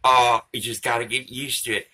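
A man's voice: medium pitch, flat delivery, fairly quick, pushed and bright. A man vlogging to a phone camera in a rambling, profane monologue that drifts between topics.

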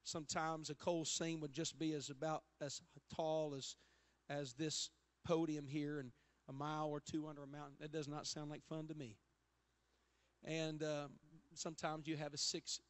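High-voiced preacher man. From Appalachia. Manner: storytelling preacher, builds to loud emphatic calls. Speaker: pastor. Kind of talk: sermon. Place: church sanctuary.

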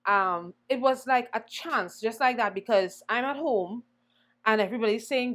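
A young woman singer, a guest in an interview, telling her story in an animated way and acting out the voices she quotes. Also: on the high side, a little slow. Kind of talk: conversational storytelling.

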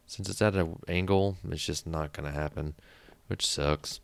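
Deep gravelly man narrating gameplay. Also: steady tone, measured pace, no echo. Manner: chatty, thinks aloud, mutters counts under his breath. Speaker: let's play host. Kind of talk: casual gameplay commentary.

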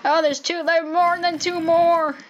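A woman giving playful, excitable commentary while playing a survival game, calling out to animals in sing-song baby talk. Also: very high-pitched, moderate pace, dull audio, noisy background. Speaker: gaming channel host.

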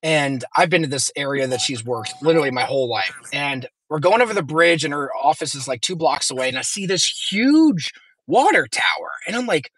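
A husky, bright-voiced man in his thirties spins a rambling story with lots of swearing. His pitch jumps around lively as he talks, and the sound is dry and close. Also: fairly quick. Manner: animated, profane, rambling. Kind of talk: casual storytelling chat.

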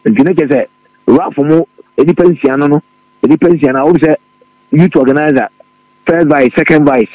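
A man on a political radio talk show, talking quickly and excitedly and repeating his words. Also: fairly high pitch, no echo, highs cut off. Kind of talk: animated political radio discussion.

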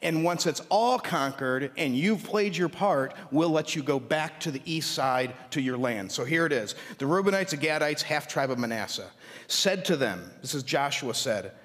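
A male pastor preaching a sermon, reading scripture aloud with lively asides. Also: a little high, moderate pace. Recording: long hall reverb.

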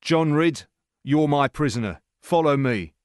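A man doing a firm, loud captain. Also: medium pitch, animated, slow pace, no echo, clean studio sound. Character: bold male captain, firm and protective.

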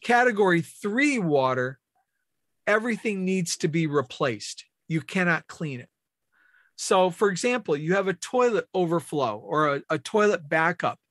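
A man's voice: high voice, animated, normal speed, a bit bright, no room sound, clean studio sound. A man leading a team training meeting, explaining step by step and asking questions of the room.

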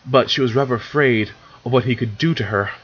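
Husky man reading a story aloud. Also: medium pitch, brisk, lo-fi sound. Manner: stumbling, self-correcting, chatty asides. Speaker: fan fiction reader. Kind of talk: casual read-along narration.

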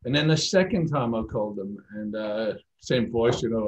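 A man's voice: fairly low pitch, normal speed, rough recording. Middle-aged Irish man, chatty interview guest, self-deprecating storyteller. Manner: chatty, laughs between anecdotes, self-deprecating. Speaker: guest, speaker agency owner.

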